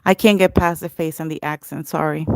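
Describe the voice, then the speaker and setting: A woman's voice: low-pitched, gravelly, very noisy. A woman nail artist hosting a live tutorial, chatting to her viewers by name and narrating her steps as she works.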